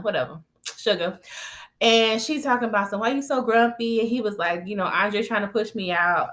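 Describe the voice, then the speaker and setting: A woman casually recapping a TV episode, retelling scenes in lively quoted voices with slang and laughter. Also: mid-range voice. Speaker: TV recap vlogger.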